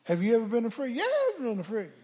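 An older man preaching a sermon from the pulpit, calling for a witness and swinging from hushed asides to shouts. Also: extremely high pitch, huge pitch swings, quick pace, slightly rough. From Philadelphia. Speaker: pastor. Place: church sanctuary. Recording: church hall reverb.

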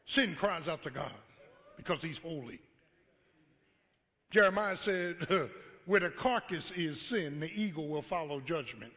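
A pastor preaching a call-and-response sermon, acting out God's voice and rising to shouts. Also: male voice, fairly high pitch, expressive, measured pace, long pauses. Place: church sanctuary. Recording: live church hall with long reverb.

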